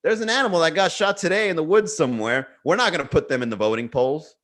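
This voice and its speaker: A man's voice: fairly high pitch, fast, fairly bright tone. Rambling jokey man hosting a livestream. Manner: rambling, jokey, reads viewer comments aloud. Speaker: livestream comedy host. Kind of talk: casual comedic livestream chat. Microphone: webcam or desk mic for a livestream.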